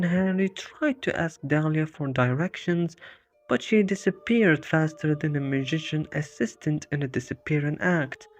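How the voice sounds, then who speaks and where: A dry, jokey narrator telling a comedic horror parody as scripted narration. The pitch sits in an even middle range. The sound is dull and lo-fi, with faint music in the background. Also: moderate pace.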